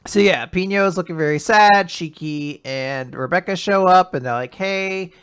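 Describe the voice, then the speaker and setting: A young man co-hosting a casual manga recap, retelling chapters with animated quoted character lines. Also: sits high, normal speed, clear, resonant tone. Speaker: podcast co-host.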